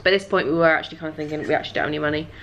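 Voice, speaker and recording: A woman's voice: sits low, fairly even intonation, rapid-fire, fairly bright tone, a little hiss or hum. A young woman vlogger telling a travel story to camera in a chatty, casual way, laughing often and dropping dry asides.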